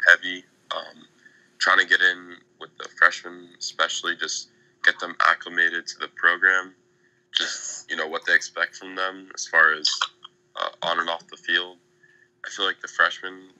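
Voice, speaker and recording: A young man giving casual, measured analysis on a podcast, with plenty of fillers. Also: deep voice, pushed and bright, no room sound, highs cut off. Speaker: guest analyst.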